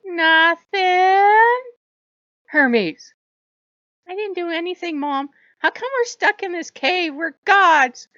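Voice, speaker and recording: A woman's voice: extremely high pitch, animated, slow pace, sharp tone, no room sound, voice pushed up, full character voice. A woman voicing a mischievous newborn male trickster god who uses whiny, wheedling baby talk, on a dull lo-fi recording.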